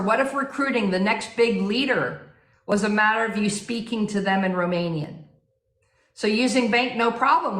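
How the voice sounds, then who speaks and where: A woman giving an energetic, persuasive sales training talk full of rhetorical questions, speaking to an audience. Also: mid-range voice, roomy sound. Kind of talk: motivational seminar talk.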